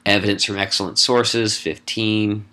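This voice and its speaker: A middle-aged English instructor speaks at a fairly low pitch in a level, sharp tone, with slight background noise. In a recorded lecture, he casually runs through an essay assignment, listing points briskly and adding wry comments.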